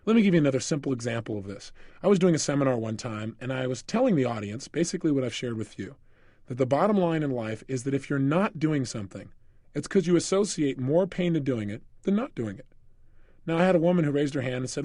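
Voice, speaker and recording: Male self-help lecturer: quick, animated, high-pitched storyteller; close, dry studio sound. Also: no room sound. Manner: energetic storytelling, asks listeners questions. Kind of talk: recorded motivational lecture.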